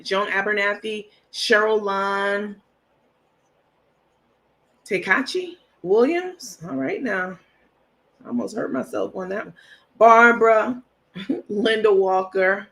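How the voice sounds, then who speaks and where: A woman's voice: medium pitch, fairly bright tone. Casting note: woman host, chatty and laughing, casual livestream chat. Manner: chatty, greets viewers by name, laughs often.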